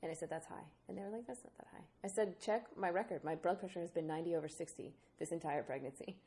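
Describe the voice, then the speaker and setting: A woman in her thirties with a low, gravelly voice, chatting candidly on a podcast. She laughs often and acts out the people she quotes. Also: fast talker, warm tone. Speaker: podcast co-host. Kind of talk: casual chat.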